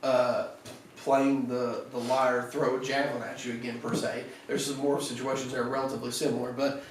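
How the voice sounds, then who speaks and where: A pastor with a Southern American accent preaching a conversational evening sermon, retelling scripture stories with little voices and many restarts. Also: male voice, mid-range voice, little pitch movement, fairly quick, slight background noise. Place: church sanctuary. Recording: echoey church from far off.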